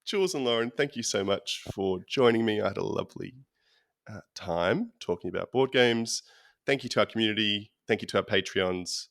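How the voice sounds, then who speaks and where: A man's voice: on the low side, lively intonation, moderate pace, a bit bright, no echo, studio quality. A man hosting a podcast in casual chat, wrapping up with thanks. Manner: chatty, wraps up the show with thanks. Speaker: podcast host.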